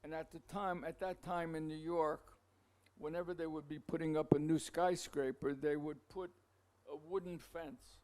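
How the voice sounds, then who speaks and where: A man giving a masterclass, telling a long anecdote in a rambling, halting way, with asides to the audience. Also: on the high side, steady tone, darkish tone. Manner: halting, many restarts and fillers. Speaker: masterclass speaker.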